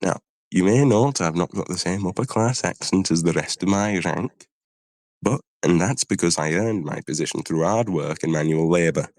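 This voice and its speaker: A man's voice: low-pitched, normal speed, darkish tone, dry recording, natural voice. A man voicing a jovial self-made male steam-engine army major with a Lancashire accent, short of breath. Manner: joking, friendly officer's address.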